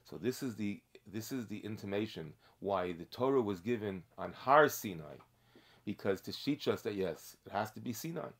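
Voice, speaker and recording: A male rabbi teaching a religious class, speaking haltingly with frequent restarts and sprinkling in Hebrew and Yiddish terms. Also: lowish voice, expressive. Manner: halting, many fillers and restarts, storytelling.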